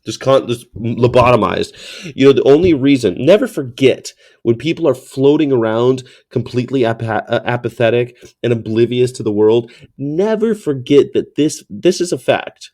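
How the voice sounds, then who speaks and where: A man's voice: mid-range voice, moderate pace. A man telling a story in a ranting vlog monologue, mocking and sarcastic, with plenty of swearing. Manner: animated storyteller. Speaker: activist vlogger.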